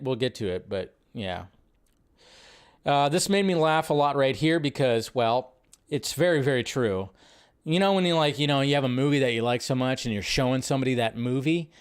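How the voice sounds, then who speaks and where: A man's voice: fairly high pitch, clean tone. Chatty man hosting a movie stream. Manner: chatty, rambling, repeats phrases, laughs easily. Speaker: host of a live movie news stream. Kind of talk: casual live-stream commentary.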